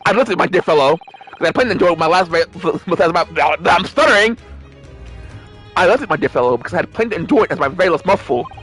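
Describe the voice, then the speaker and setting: A man playing a pompous gentleman detective. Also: high-pitched, lively intonation, fast, soft background music. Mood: grandiose. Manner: pompous, theatrical, old-fashioned phrasing.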